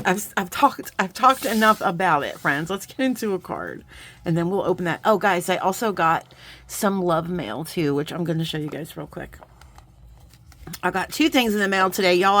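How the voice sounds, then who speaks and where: A woman hosting a beading channel, talking casually through an unboxing with bubbly, excitable asides. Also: lowish voice, dry recording.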